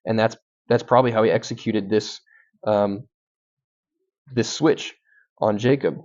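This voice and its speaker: A man's voice: fairly low pitch, fairly even intonation, unhurried, a little mellow. Young man teaching scripture, lo-fi sound. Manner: conversational, frequent ums and restarts. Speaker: guest speaker. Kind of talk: bible teaching. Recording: dull lo-fi sound.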